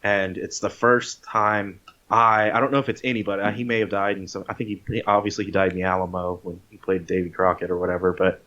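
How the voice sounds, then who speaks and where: Male podcast co-host, lowish voice, casual profane storyteller, dull lo-fi audio. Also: quick pace. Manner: animated storyteller, swears freely, acts out quotes. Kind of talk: casual chat retelling a movie.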